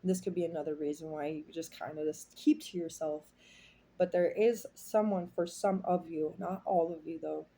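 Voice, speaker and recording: A woman with a low, dark, steady voice speaks at a normal pace. She's a tarot reader doing a casual reading for her viewers, rambling in a heartfelt, confiding way.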